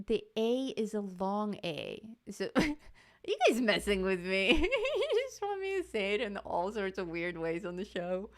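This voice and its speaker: A chatty woman talks casually through a live stream while she colors. She laughs often and drifts easily between remarks and greetings to her viewers. Her pitch sits in an ordinary middle range. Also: very animated, measured pace.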